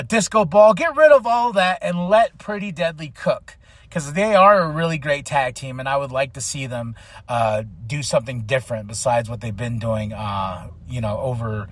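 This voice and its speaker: A man hosting a podcast, chatting casually and excitedly, acting out other people's lines in quick voices between plenty of fillers. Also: a little high, no echo. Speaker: podcast host recapping wrestling. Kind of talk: casual chat.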